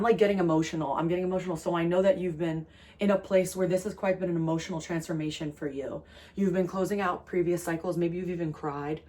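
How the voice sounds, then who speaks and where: A young adult woman from New Jersey giving a channeled tarot reading, earnest and rambling, with many fillers and restarts. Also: on the low side. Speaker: tarot reader.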